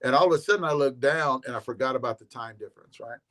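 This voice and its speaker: A man's voice: mid-range voice, fast, a bit bright. A man in casual chat as a regular guest on a live show. He rambles in a laid-back way, swears casually and often repeats his words.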